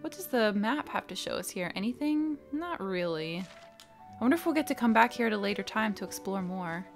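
A woman giving chatty, excitable commentary while playing a video game. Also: medium pitch, normal speed, faint music behind. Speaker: let's play gamer. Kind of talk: casual gameplay commentary.

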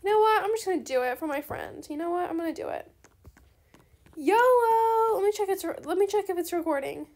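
Very high-voiced excitable young woman. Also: racing, few pauses. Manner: chatty, excitable, talks to viewers as guys. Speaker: gaming video creator. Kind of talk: casual gameplay commentary.

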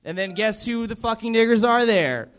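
A young Southern US man does a profane, rambling stand-up set, laughing at his own jokes. His voice is very high-pitched and a bit bright, at a moderate pace.

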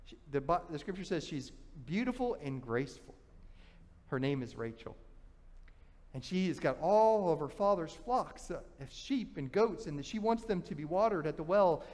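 A male pastor preaching with a high voice, telling the story in an animated way and often restarting his phrases. His words carry a long reverb from the church sanctuary. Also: normal speed. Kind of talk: sermon.

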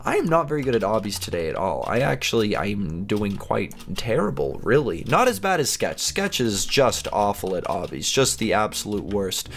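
Young man, gaming host, casual commentary, animated pitch, playful. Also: normal speed, vocal fry, few pauses, a little hiss or hum. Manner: playful, chatty, laughs often.

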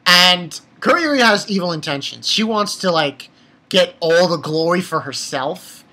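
A young adult anime reviewer giving a casual episode recap, rambling and excitable and swearing freely. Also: medium pitch, a little slow.

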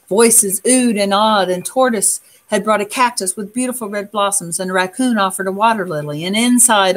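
A woman reading a picture book aloud in a soft, unhurried way, pausing to comment on the pictures. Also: mid-range voice. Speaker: storyteller.

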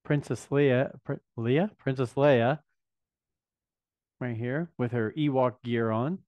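A man's voice: mid-range voice, slow, no echo. Chatty man unboxing, dry dull sound. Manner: enthusiastic, chatty fan talk with thinking-aloud asides. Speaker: vlog host. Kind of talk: casual unboxing chat.

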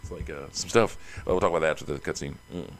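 A man's voice: rumbling low, fast. A man giving chatty, rambling commentary while playing a video game, laughing often. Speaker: let's play host.

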